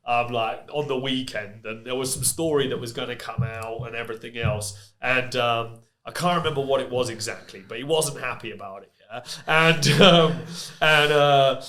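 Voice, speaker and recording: Candid man telling stories. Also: mid-range voice. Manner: candid, lively anecdotes with frequent fillers like "you know" and "yeah". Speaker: podcast guest, construction business owner. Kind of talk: casual podcast interview storytelling.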